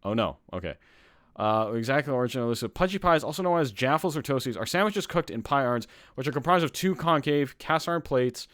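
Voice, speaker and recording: Young man, from Canada, podcast host, worked up, swearing, lively swooping pitch. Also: fast. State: sweating. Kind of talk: casual live-stream chat.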